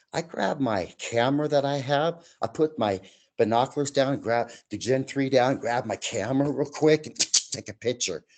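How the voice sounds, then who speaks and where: Male guest storyteller, mid pitch, lively delivery that acts out the other people in his stories. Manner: animated, acts out quoted voices. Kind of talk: telling personal paranormal stories.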